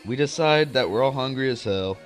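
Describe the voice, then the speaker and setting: A man's voice: mid-range voice, brisk, soft background music. Young man telling a rambling story. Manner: rambling, profane, animated storytelling. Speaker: vlogger. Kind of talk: casual storytime.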